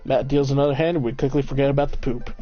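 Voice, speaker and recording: A man's voice: medium pitch, steady tone, rapid-fire, warm tone. A man in a mid-range voice reads a dating game aloud on stream, breaking off for casual, joking asides. The audio is a little dull, with faint game music underneath.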